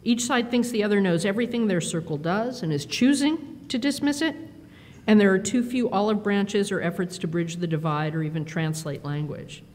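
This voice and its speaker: A woman giving a conference talk, telling lively self-deprecating stories with quoted dialogue into a podium microphone. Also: moderate pace. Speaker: conference speaker. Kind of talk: storytelling keynote speech. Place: large conference hall. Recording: reverberant hall with faint rumble.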